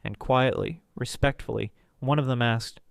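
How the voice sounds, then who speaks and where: Male storyteller, smooth and resonant, close dry mic, dramatic first-person read. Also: moderate pace, no echo. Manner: dramatic, voices characters with pitch jumps. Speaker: story narrator.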